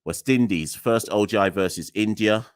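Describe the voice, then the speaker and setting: Weary man with a deep voice. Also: normal speed, smooth, no room sound, clean studio sound. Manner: weary, exasperated, sighing and laughing wryly. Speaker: podcast host. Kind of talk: live solo podcast rant.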